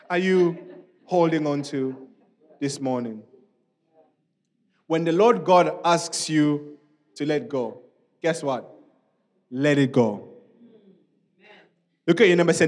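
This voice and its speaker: A man preaching a sermon in a church, speaking in an animated, conversational way with many asides to the congregation. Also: on the high side, slow pace, long pauses. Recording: long reverb of a church hall.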